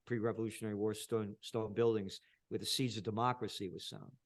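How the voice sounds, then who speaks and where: An older man, an interview guest talking in an impassioned, ranting way that swings from low talk to shouting. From the Bronx, New York. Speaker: interview guest, trend forecaster.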